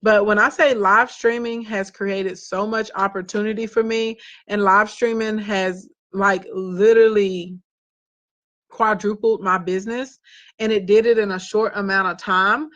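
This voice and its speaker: A woman's voice: mid-range voice, fairly even intonation, a little slow, fairly bright tone, dull audio. A woman with a Southern US accent, a business coach talking bluntly and sassily to viewers in a casual live stream. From Southern United States. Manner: sassy, blunt and talkative.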